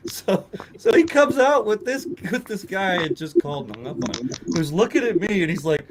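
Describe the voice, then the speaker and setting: A man's voice: high-pitched, moderate pace, pauses often, noisy background. A man telling a swearing, laugh-filled story in casual chat, acting out the people he quotes. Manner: animated, laughs often, acts out quotes. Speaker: podcast co-host telling a story.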